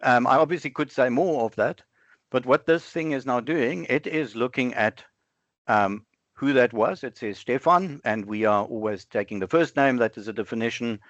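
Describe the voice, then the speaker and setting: A man presenting a live software demo over an online webinar, thinking aloud in a conversational way and often correcting himself. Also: medium pitch, dry recording. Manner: conversational, self-correcting, halting fillers. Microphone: online webinar with screen sharing. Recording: dull, dry lo-fi online call audio.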